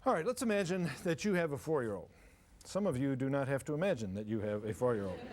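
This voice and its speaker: A man's voice: mid-range voice, lively intonation, fast. Older man, parenting lecturer, folksy and joking, playing to a live seminar crowd. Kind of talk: humorous live seminar talk. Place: seminar room before a live audience.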